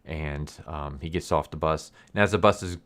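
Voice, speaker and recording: A man's voice: a bass voice, moderate pace, a bit bright, clean tone. A man retelling a TV episode in a casual, rambling way, full of fillers and quoted lines. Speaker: video reviewer. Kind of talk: casual recap commentary.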